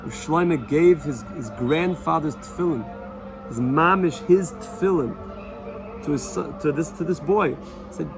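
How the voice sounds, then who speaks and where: A man gives a heartfelt Torah lesson as a storytelling rabbi, his voice sitting a little high. He repeats phrases for emphasis and drops in Yiddish words. Music runs clearly underneath. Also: moderate pace. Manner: earnest, repetitive, sprinkles Yiddish and Hebrew words. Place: Jerusalem.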